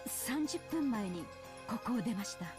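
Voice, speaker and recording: An actress voicing a composed, stern middle-aged woman in a visual novel, speaking calmly. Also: fairly high pitch, fast talker, music in the background, lightly acted. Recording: game soundtrack under voice.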